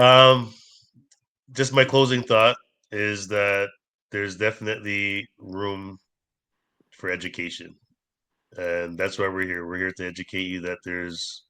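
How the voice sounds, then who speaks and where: A male podcast host with a very deep voice and a bright edge, talking slowly and loosely. He fills his pauses with ums and uhs as he signs off. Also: smooth. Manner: relaxed and unhurried, with frequent fillers. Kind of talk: casual podcast sign-off.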